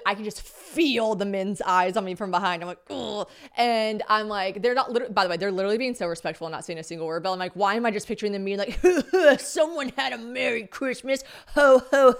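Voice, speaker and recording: A woman's voice: mid-range voice, fairly bright tone, smooth. A woman in her thirties hosting a podcast, telling a story casually and acting out her own thoughts in exaggerated voices. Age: 30s. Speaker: podcast host.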